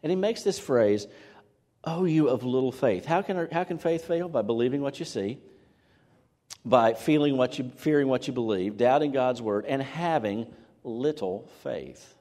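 A man preaches in a church sanctuary, his voice swinging widely in pitch as he acts out quoted lines. His voice sits at a middle pitch and rings with the long reverb of a large hall. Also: lively intonation, normal speed, a little mellow. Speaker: pastor. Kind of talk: sermon.

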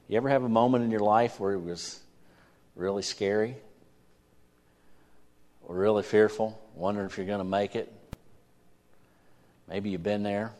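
Male pastor, lowish voice, earnest sermon delivery with restarts, church setting. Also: fairly even intonation, moderate pace, pauses often, a little mellow. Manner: earnest, repeats words when starting phrases.

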